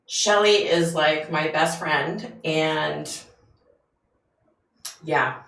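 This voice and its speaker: A woman from the United States hosts a relaxed livestream, chatting with viewers and greeting them by name. Her voice sits a little low, and she talks with plenty of fillers. The room around her gives the sound a noticeable echo. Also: extremely slow, gravelly. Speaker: livestream host. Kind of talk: casual livestream chat with viewers.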